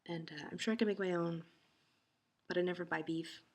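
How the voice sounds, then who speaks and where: A woman with a low, gravelly voice chats into the camera at home. She sounds exhausted and rambles sleepily through a casual video diary. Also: fairly even intonation, a little fast, a little mellow. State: tired. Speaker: vlogger.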